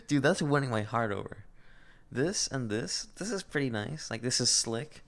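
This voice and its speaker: A man's voice: mid-range voice, expressive, moderate pace, vocal fry. A man reading a manga aloud and reacting in casual commentary, laughing often, swearing freely and gushing over cute things.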